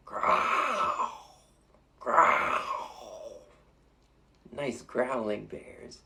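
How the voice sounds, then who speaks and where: A man's voice: lowish voice, a little mellow. A man reading a picture book aloud to children, playfully inviting them to make animal sounds along with him. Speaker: storytime reader.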